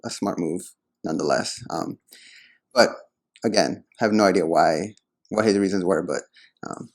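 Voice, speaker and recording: Low-voiced man, hesitant chat. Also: normal speed. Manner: hesitant, filler-heavy. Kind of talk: casual storytelling chat.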